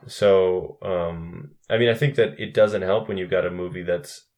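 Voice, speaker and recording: Low, gravelly man chatting casually. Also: steady tone, moderate pace, a little mellow. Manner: rambling, profane, with frequent restarts. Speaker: podcast co-host. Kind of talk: casual film review chat.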